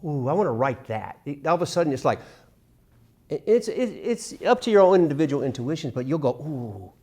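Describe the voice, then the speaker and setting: A middle-aged man teaching a casual songwriting workshop, acting out lyric lines with lively emphasis. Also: a little high, brisk. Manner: animated, sings and acts out lyric examples.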